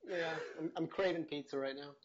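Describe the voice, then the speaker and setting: A man's voice: fairly high pitch, fairly quick, lo-fi sound. A man being interviewed as a guest in a casual online chat, giving short, dry answers. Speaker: podcast guest.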